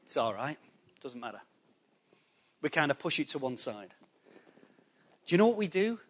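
A man preaching a sermon to a congregation, animated and conversational, acting out people's excuses in quick quoted voices. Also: medium pitch. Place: church hall before a congregation.

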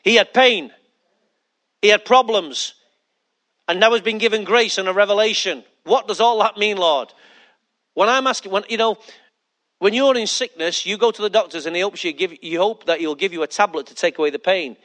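High-voiced emphatic male pastor preaching. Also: normal speed, a bit bright. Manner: emphatic, repeats key lines, asks the congregation questions. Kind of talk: sermon.

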